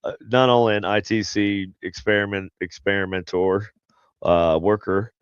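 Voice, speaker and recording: A man's voice: fairly low pitch, steady tone, moderate pace, clear, resonant tone, dry recording, lo-fi sound. A man hosting a paranormal talk show, chatting casually in a rambling, jokey way. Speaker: podcast host. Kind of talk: casual chat.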